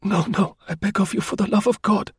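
A man puts on a high, breathy voice for a frail young woman, hurt and pleading in a faint murmur. The sound is dry and close. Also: fairly even intonation, a little fast, no room sound. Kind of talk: audiobook character voice.

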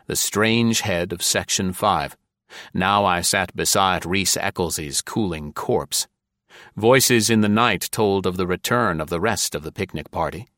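A man narrating a first-person novel in an audiobook, with an even, measured, dry delivery. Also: low voice, dry recording.

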